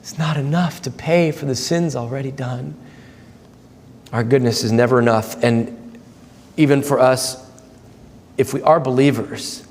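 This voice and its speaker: A man preaching a sermon as pastor, earnest, swinging from loud, lively quoted asides to low, hushed emphasis. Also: long reverb tail. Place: church sanctuary.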